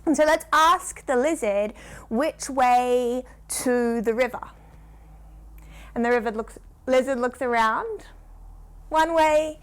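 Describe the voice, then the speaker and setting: With a high-sitting, slightly bright voice, this kids' yoga instructor guides children through a story-based session. Her instructions come slow and drawn out, and she encourages them warmly while asking playful questions.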